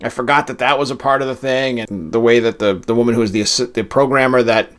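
A man's voice: mid-range voice, steady tone, fast. Chatty man from Massachusetts, rambling. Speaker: podcast co-host. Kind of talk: casual chat.

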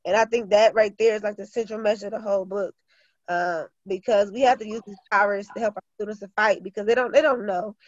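A woman's voice: medium pitch, fairly even intonation, quick pace, dry recording, lo-fi sound. A woman teacher and author talking earnestly in an interview, with many fillers and restarts. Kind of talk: casual interview talk.

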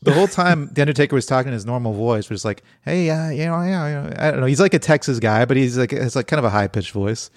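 A man's voice: mid-range voice, expressive, racing, few pauses, no room sound, studio quality. A man co-hosting a podcast who chats casually and tells anecdotes, laughing often. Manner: chatty storyteller, laughs often. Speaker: podcast co-host. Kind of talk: casual chat.

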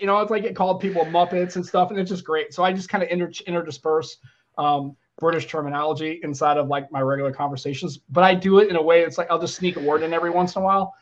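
Fast-talking American podcast host. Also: male voice, fairly high pitch, muffled recording, slight background noise. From United States. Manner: rambling, animated, trails off quietly at phrase ends. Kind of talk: casual podcast chat.

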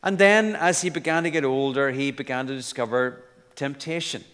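A man's voice: medium pitch, moderate pace, a bit bright, smooth, long reverb tail. A man preaching a sermon in an earnest, emphatic way, with light asides.

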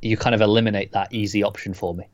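A man's voice: on the low side, steady tone, quick pace, no echo, clean studio sound. A man co-hosting a casual film podcast, wry and laid-back, often answering with short agreements. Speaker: podcast co-host. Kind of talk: casual film review chat.

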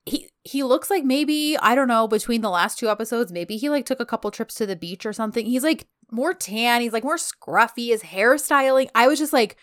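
Fairly high-pitched and quick, with few pauses, this podcast co-host in her thirties keeps a casual chat going. Her retelling of TV show scenes is gushing and animated, full of characters' lines she acts out.

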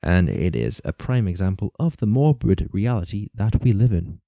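A man with a low, very dark and mellow voice hosts a casual true-crime podcast. He rambles, laughs often and swears casually. The sound is dry and close, with no room echo. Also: very animated, moderate pace, creaky. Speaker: podcast host.

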